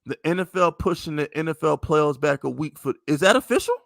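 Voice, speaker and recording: Podcast host, a New York man with a high voice, emphatic and heated, delivered dry with no room echo. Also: expressive, brisk, gravelly, fairly bright tone. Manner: heated, profane, emphatic venting. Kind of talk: casual sports podcast rant.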